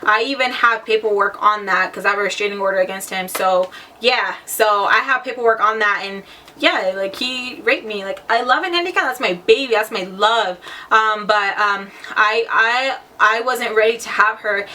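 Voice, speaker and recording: A woman's voice: mid-range voice, normal speed, pushed and bright, recorded from a distance, a little hiss or hum. A young woman telling her own story in a casual vlog, talking bluntly with lots of fillers and swearing. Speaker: vlogger.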